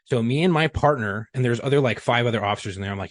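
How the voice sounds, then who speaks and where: A man's voice: medium pitch, quick pace, dry recording, studio quality. A man, a former police chief, telling a rambling, profane story on a podcast. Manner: profane, rambling anecdote with many fillers. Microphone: studio podcast mic.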